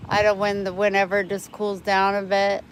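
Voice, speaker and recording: A woman's voice: mid-range voice, completely flat delivery, a little fast, a little hiss or hum, poor audio. A woman vlogging live in casual chat, chatty and plainspoken, talking into a phone outdoors near her home. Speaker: vlogger livestreaming.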